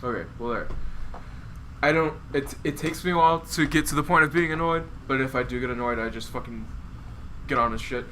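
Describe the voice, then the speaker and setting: Bright-voiced man steering a podcast. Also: medium pitch, a little fast, a little hiss or hum, low-quality recording. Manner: casual, profane, steering the talk. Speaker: podcast host and audio editor. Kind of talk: casual chat.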